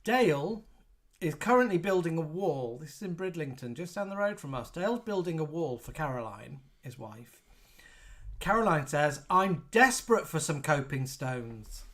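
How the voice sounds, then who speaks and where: A man's voice: on the high side, expressive, normal speed. A man hosting a casual live chat show, reading out viewer comments in a chatty way. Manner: chatty, warm-hearted, reads out messages. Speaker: host.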